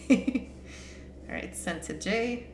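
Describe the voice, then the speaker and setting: A woman playing through a visual novel, reading its dialogue aloud and reacting in an animated way that is quick to laugh. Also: mid-range voice, a little hiss or hum. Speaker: let's play gamer. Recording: echoey room with game music.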